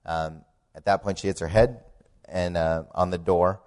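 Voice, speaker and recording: A man gives a personal faith testimony about his family's story, halting and using many fillers, and grows much quieter in the tense parts. His voice sits low with a steady tone.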